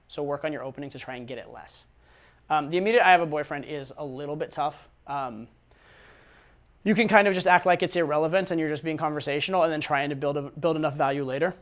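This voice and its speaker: A man's voice: fairly high pitch, a bit bright. A man giving casual dating advice, talking conversationally with repeated words and frequent "right?" tag questions. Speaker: dating coach.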